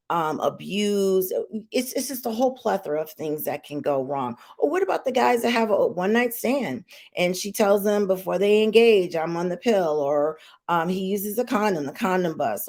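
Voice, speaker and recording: Outspoken woman with a gravelly low voice. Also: a little mellow. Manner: outspoken, emphatic, repeats key points. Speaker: podcast host. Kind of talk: casual opinion talk to viewers. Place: live online stream.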